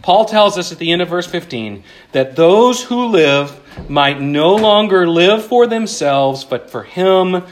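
Male pastor, slightly higher voice, earnest sermon delivery with quiet, hushed emphasis and casual asides. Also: lively intonation, unhurried. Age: adult, married with children. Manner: conversational asides with self-deprecating humor.

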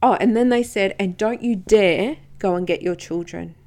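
A woman's voice: mid-range voice, moderate pace, darkish tone. A woman hosting a podcast, telling a personal story and acting out the dialogue of the people in it, sometimes dropping to a whisper. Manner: recounting events, quoting others in dialogue, occasional whispering. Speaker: podcast host.

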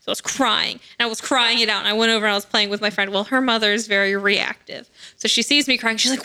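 A woman tells a story on a podcast in casual chat. Her voice is a bit high and very bright, and her telling is candid and chatty. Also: steady tone, fast, smooth. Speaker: podcast co-host.

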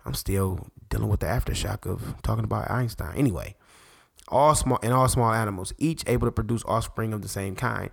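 A man, a parent, hosting a faith podcast in an excitable, rambling monologue that keeps interrupting itself. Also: lowish voice, brisk, gravelly. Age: adult parent. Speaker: podcast host.

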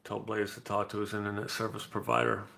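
A man's voice: lowish voice, fast, creaky, bright, forceful tone. A middle-aged man hosting a live podcast, talking in a blunt, profane, casual way. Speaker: podcast host. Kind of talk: casual live-stream chat.

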